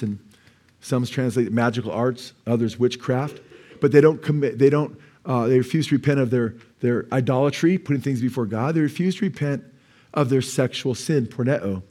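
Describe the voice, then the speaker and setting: A male pastor delivers a sermon in a church. He speaks in a conversational way, slipping into quoted asides and punctuating points with "amen." His voice sits at an ordinary middle pitch. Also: darkish tone.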